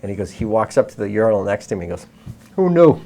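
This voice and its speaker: A man in casual chat, retelling a story with lively quoted voices. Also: lowish voice, rapid-fire, a little hiss or hum. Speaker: host.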